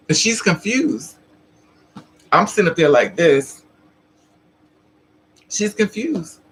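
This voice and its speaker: Her pitch fairly low and her delivery sing-song, a trans woman vlogger tells her live chat a casual story at a slow pace with long pauses. She's chatty, laughs frequently, and acts out others' lines; the rough recording has slight background noise.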